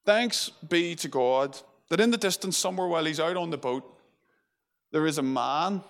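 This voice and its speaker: A man's voice: a little high, moderate pace. A male preacher giving an earnest, conversational sermon, retelling scripture vividly.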